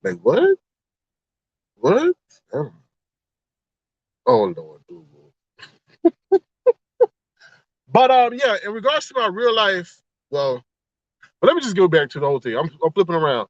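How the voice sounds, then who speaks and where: A man with a fairly high voice hosts a casual livestream and gossips to his chat about online drama. He acts out the exchanges he quotes in an animated way. The audio is dull and lo-fi, with a dry, close sound. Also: normal speed, long pauses, no echo. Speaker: livestream host.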